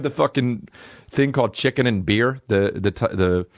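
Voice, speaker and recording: A man's voice: mid-range voice, no room sound, clean studio sound. A male comedian hosting a podcast, riffing crudely and rambling from joke to joke in a casual style. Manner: crude, rambling, jumps into quick voiced bits.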